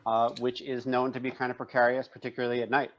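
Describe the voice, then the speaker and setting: A man runs a tabletop game, narrating scenes in a halting, searching way. His voice sits at an ordinary pitch. The recording sounds a little dull and lo-fi. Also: completely flat delivery, a bit bright. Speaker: game master.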